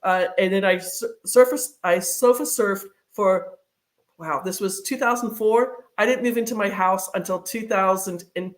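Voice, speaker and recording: A woman appearing as a guest in a casual interview chats away, telling long stories at a measured pace. Her pitch sits in the middle, and she sprinkles in plenty of fillers and restarts.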